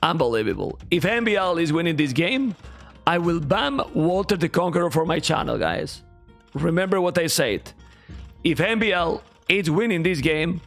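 A young man with a Spanish accent, speaking English as a second language, giving live esports commentary in an excitable way and reacting loudly to viewers. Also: a little high, gravelly. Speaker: esports caster.

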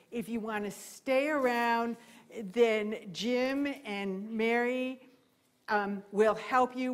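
A woman giving a live talk about birds of prey to a library audience, lively and playful, speaking into a handheld mic. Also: fairly high pitch. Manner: lively, imitates owl hoots. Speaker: wildlife educator. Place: library program room.

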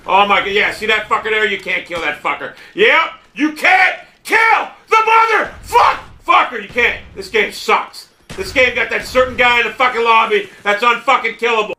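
A man gaming, swearing and raging at a shooter, muttering low one moment and yelling the next. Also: fairly even intonation, fairly quick, few pauses. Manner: profane, swings between muttering and yelling. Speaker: gamer. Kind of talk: raging gameplay commentary.

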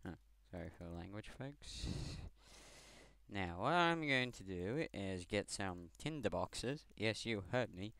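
Scottish teen boy, gaming commentary, lowish bright voice, smooth and dry, headset mic, rambling and swearing. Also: expressive, a little slow, no echo. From Scotland. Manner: rambling, swearing, self-mocking. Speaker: gamer. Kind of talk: gameplay commentary.

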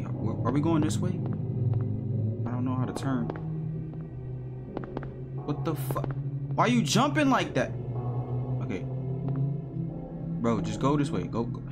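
A young man streaming a horror game live, panicky and slangy, swearing as he plays. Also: medium pitch. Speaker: gaming streamer. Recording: voice over loud game music. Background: loud eerie game music.

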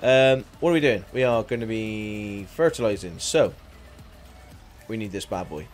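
A man's voice: on the low side, measured pace. Male streamer, friendly running chat with viewers, faint music underneath. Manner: chatty, greets viewers by name. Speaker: game streamer. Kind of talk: casual live-stream chat.

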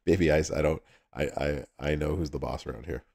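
A man's voice: a bass voice, vocal fry, a little mellow. A man with a Southern US accent hosting a livestream, chatting casually with viewers and laughing often. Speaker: livestream host.

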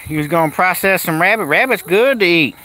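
Man, folksy live-streamer, slightly high pitch; outdoors with crickets and dogs behind. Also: expressive, fairly quick, pushed and bright, a little hiss or hum. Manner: folksy, coos at animals and answers chat. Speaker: kennel owner live-streaming. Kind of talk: casual live-stream chat. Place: outdoors at a kennel.

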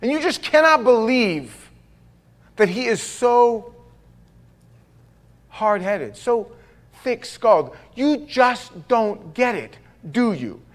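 Man, pastor, sermon, high pitched, conversational, playful impressions. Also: sing-song, slow, pauses often. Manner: conversational, jokey, acts out quoted people.

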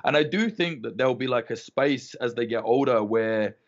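A man's voice: medium pitch, normal speed. A man in casual podcast chat, swearing often and telling stories with animation. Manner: swears a lot, animated storytelling. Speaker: podcast guest. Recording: muffled lo-fi audio.

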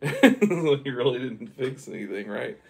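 A man's voice: medium pitch, very animated, measured pace, creaky, husky. A man improvising a silly, rambling story for a baby, chuckling as he goes.

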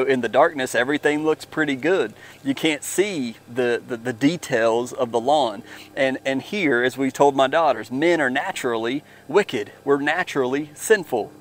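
A man giving an informal devotional talk, earnest and animated, speaking straight to his viewers from outdoors in his lawn. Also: medium pitch. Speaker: devotional vlogger.

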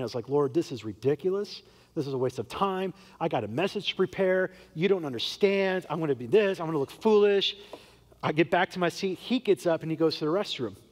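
A man's voice: high-pitched, in a large hall. A young adult man preaching a sermon as pastor, telling a story and acting out the dialogue in quoted voices. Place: church sanctuary.

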